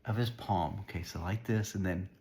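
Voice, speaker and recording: A man's voice: sits low, normal speed, a little mellow. A man reading a picture book aloud to a child, stopping casually to point at the pictures and explain. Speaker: storybook reader.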